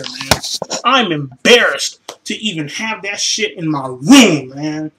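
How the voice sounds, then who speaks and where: A man in his room ranting as a sports fan, profane and exasperated, sighing heavily and swinging between low mutters and sudden shouts. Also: expressive, slow, background noise. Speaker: vlogger reacting to a football loss. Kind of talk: angry fan rant.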